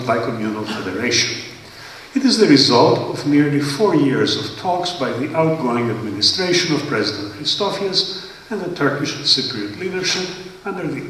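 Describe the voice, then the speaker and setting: A man's voice: mid-range voice, a bit bright, a little hiss or hum. A man giving a formal seminar lecture, emphatic and with wry asides. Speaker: guest speaker at a seminar. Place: large lecture hall. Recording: echoey hall, voice from far off.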